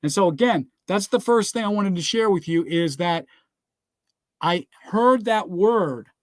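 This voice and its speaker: A man with a notably high speaking voice gives a motivational speech that mixes business success with scripture. He talks emphatically, keeps asking his listeners to write things down and keeps checking in with "all right?" The sound is dry, with no room echo. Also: animated, unhurried. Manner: repeats "guess what" and "all right".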